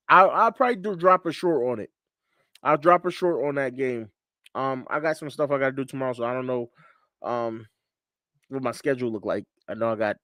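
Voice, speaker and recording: Hosting a laid-back sports chat podcast on a livestream, a man from Connecticut laughs a lot and tends to repeat himself. His mid-range voice is fairly bright, captured by a studio mic with clean sound and no echo.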